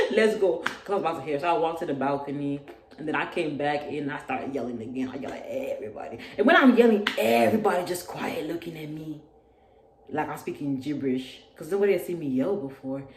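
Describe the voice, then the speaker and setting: A young woman vlogging a storytime about college life, telling it in an animated way and acting out the loud quotes. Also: deep voice, quick pace. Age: young adult. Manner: animated, acts out yelled quotes. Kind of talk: storytime vlog. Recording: echoey room, faint noise.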